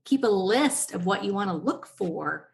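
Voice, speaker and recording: A woman's voice: mid-range voice, expressive, measured pace, gravelly, a little hiss or hum. A woman hosting a podcast, giving friendly selling advice in a casual chat and speaking straight to the listeners. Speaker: podcast host.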